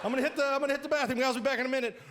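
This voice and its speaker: A man doing a stand-up comedy routine on a live stage, loud and exaggerated, often shouting his punchlines. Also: very high voice, fairly even intonation, very fast. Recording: live stage mic, crowd laughter and noise. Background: audience laughing.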